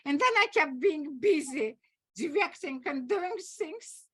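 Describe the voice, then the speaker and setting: A high-pitched woman with a Russian accent speaks in animated, halting English. She tells stories as an acting teacher, laughing between phrases, in a bright tone. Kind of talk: conversational storytelling.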